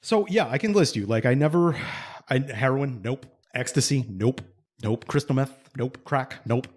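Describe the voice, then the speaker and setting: A man in his forties co-hosting a podcast, spinning a long story in loose, casual talk. He swears freely, circles back on himself, and turns lively whenever he acts out what someone else said. His voice sits at an ordinary middle pitch for a man. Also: moderate pace. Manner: rambling, profane, animated when quoting others. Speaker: podcast co-host.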